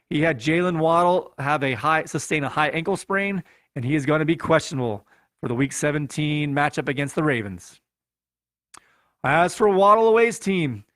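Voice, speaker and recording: A man's voice: a little high, fairly bright tone, no room sound, clean studio sound. Upbeat man recapping fantasy football scores. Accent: Chicago. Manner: playful, reads scores in a running recap. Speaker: podcast host.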